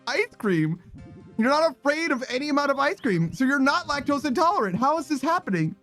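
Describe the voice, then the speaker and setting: A man's voice: very high voice, very animated, brisk, fairly bright tone, faint music behind. A man streaming, chatting casually with his viewers, reading chat aloud and teasing them with slangy, swearing banter. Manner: laughs often, teasing, reads chat messages aloud.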